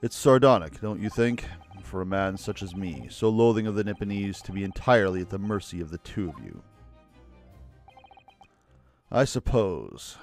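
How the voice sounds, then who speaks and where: A man voicing a haughty, aloof aristocratic lord in a video game, speaking in a cold, measured, disdainful way. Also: deep voice, lively intonation, faint music behind, voice pushed down. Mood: brooding. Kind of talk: reading game dialogue aloud.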